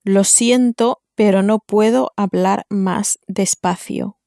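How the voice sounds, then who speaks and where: A woman's voice: mid-range voice, fairly even intonation, unhurried, warm tone, no echo, clean studio sound. A woman student in a language lesson, carefully repeating her answers.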